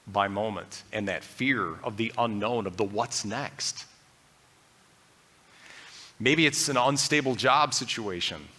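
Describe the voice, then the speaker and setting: A man's voice: on the low side, bright, forceful tone. A man preaching a sermon as pastor, speaking earnestly and conversationally and acting out people's doubts in his own voice. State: briefly choked up.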